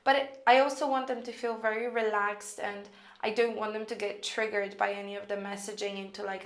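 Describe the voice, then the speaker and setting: A woman teaching copywriting in a casual, chatty way, thinking out loud with lots of fillers as she walks through an email draft. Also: mid-range voice, roomy sound. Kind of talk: casual screen-recorded lesson.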